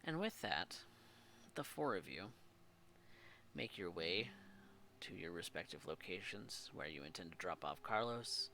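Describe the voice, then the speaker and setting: A man runs a tabletop game in a casual, lively way. His low voice is gravelly and bright. It rises and falls a great deal. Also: measured pace, pauses often, a little hiss or hum. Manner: casual, lively, thanking viewers. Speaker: game master.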